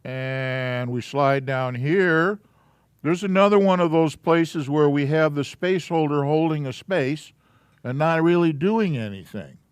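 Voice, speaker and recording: Slow-talking man teaching a class. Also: a little high, clear, resonant tone, no echo. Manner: slow, explanatory, casual. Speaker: Hebrew alphabet teacher. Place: church classroom.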